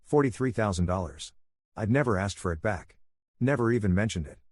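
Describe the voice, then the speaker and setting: A man tells a long story in a calm, steady voice, low-pitched and husky. The sound is dry and close, and the delivery stays measured. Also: no room sound. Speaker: narrator.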